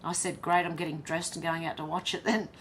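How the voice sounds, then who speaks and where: A woman's voice: on the low side, level tone, brisk, fairly bright tone, a little hiss or hum. Chatty Australian woman reading comments. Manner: chatty, reads comments aloud and reacts. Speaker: livestream host reading chat. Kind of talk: casual chat reading viewer comments.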